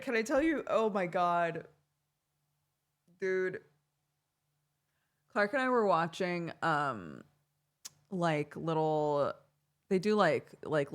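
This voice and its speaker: A young woman streamer chatting casually, telling a story with lots of laughter. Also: on the low side. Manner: giggly, animated storytelling with frequent laughter. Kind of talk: casual chat on a livestream.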